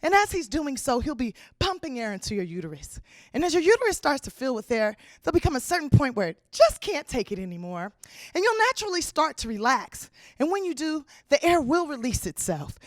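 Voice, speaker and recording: A woman's voice: sits high, sing-song, no room sound. A woman voicing a prim, clinical female health-class instructor who speaks in a formal, textbook way. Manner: formal, measured, textbook delivery.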